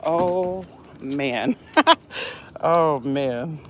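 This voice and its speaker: A woman live-streaming from a laundromat on her phone, giving a nosy, gossipy running commentary and often dropping to a hushed voice. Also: deep voice, extremely slow, noisy background. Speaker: vlogger.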